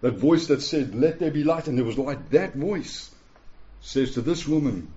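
A man's voice: medium pitch, big pitch swings, normal speed, dark tone, muffled recording. A man in his forties preaching a sermon to a congregation, emphatic, repeating phrases and checking in with "yeah?". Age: 40s. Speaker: pastor. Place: church hall with a live congregation.

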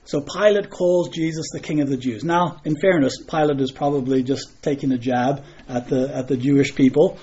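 A man preaches a sermon, earnest and given to restarting his phrases. His voice sits a little high and sounds mellow and soft-edged. The recording is muffled and lo-fi. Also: steady tone, moderate pace, few pauses. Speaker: pastor.

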